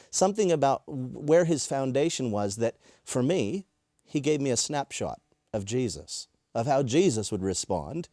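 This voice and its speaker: A man, a preacher, telling a personal story in a lively way and acting out what people said. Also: medium pitch, dry recording, studio quality. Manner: lively retelling with acted-out quotes. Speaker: preacher and workshop presenter.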